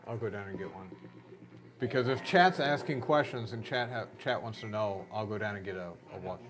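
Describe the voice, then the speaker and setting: A man's voice: fairly low pitch, fairly quick. A man on a live ghost-hunting stream, talking in a hesitant, musing way that often trails off. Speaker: paranormal investigator.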